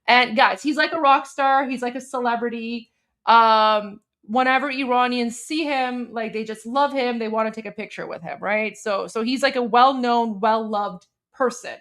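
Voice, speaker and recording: A woman's voice: on the high side, moderate pace, a bit bright. A woman from Iran hosting a casual livestream, talking loosely with lots of fillers and restarts as she explains a meme. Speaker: host.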